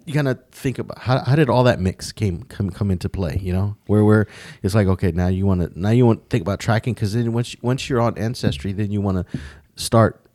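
A man's voice: fairly low pitch, brisk, darkish tone, no echo. A man in casual conversation, rambling with frequent restarts and casual swearing. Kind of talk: casual chat.

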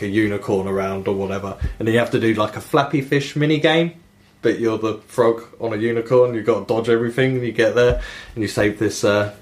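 Laughing man retelling a game. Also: fairly low pitch. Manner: animated storytelling, swearing and laughing often. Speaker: podcast host. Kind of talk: casual podcast chat about video games.

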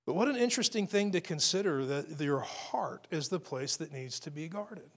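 A male pastor delivers a sermon with earnest emphasis, his voice sitting slightly higher than most men's. He stresses key phrases, repeats words and restarts his sentences as he works through his points. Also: lively intonation, moderate pace. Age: adult with family.

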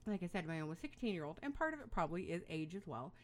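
A woman's voice: lowish voice, very animated, rapid-fire. A middle-aged woman giving parenting advice in a casual monologue, rambling and chatty, with frequent fillers and small laughs.

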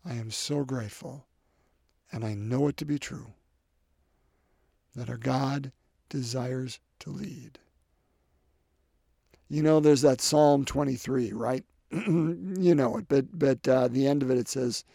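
Male preacher giving a sermon, husky gravelly tone, dry close sound, earnest, repeats his lines and drops to a hush. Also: medium pitch, a little slow, pauses often, no room sound. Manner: earnest, repeats phrases, swings between loud and soft.

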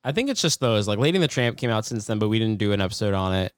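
A man co-hosting a podcast in casual chat, laid-back and quick to laugh. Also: lowish voice, sing-song, clear, resonant tone, no room sound, studio quality. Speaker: podcast co-host.

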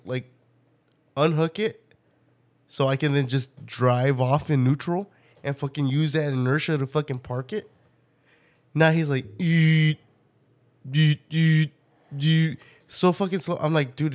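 A man hosting a podcast, telling a story in a loose, profane, animated way and often breaking into laughter. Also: fairly high pitch. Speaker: podcast host. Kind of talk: casual storytelling chat.

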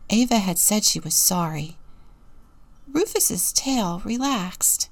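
Woman deacon, children's story reading, slow, gravelly voice, gentle questions. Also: medium pitch, expressive. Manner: gentle, asking the listener questions.

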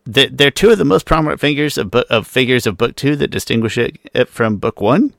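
A man hosting a casual podcast chat, chatty and quick with asides as he introduces the show. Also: medium pitch, vocal fry, a bit bright, dry recording, clean studio sound. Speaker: podcast host.

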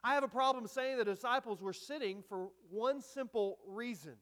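A man with a notably high voice delivers a sermon from the pulpit. He talks in an easygoing, conversational way, dropping in asides. He punches up quoted lines with emphasis. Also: normal speed, a bit bright. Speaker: pastor.

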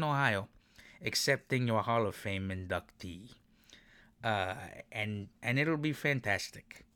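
A man's voice: mid-range voice, slow, bright, forceful tone, clean tone. A man ranting emotionally about his football team, swearing often and mixing sarcasm with affection. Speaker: sports commentator. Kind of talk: profane sports rant.

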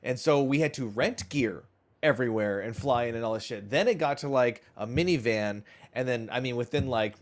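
A man's voice: medium pitch, brisk. A man who is a touring musician, chatting casually and telling road stories with lots of swearing and restarts. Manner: profane, animated storyteller with restarts. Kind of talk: casual chat.

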